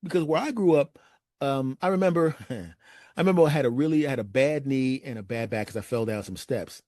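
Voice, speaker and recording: Give me an animated man telling a funny personal story, recorded dry. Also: brisk, dry recording. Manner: animated, acts out friends' lines in raised pitch.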